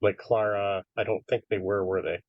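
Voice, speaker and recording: A man's voice: lowish voice, fairly even intonation, moderate pace, phone-quality sound, crowd noise. A man narrating as game master of a tabletop game in a casual, filler-heavy way.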